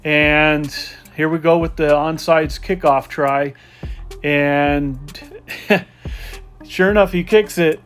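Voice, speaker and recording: A man telling a casual, animated story about a football game he watched from the stands. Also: fairly high pitch, takes it slowly, pauses often, smooth, faint music behind. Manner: excited, animated game recap with laughs. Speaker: football fan.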